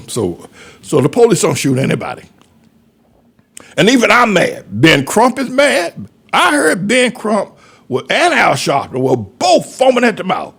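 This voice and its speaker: A man's voice: high voice, creaky, fairly bright tone, slightly rough. A man, a pastor, rambling through a folksy commentary monologue with chuckling asides.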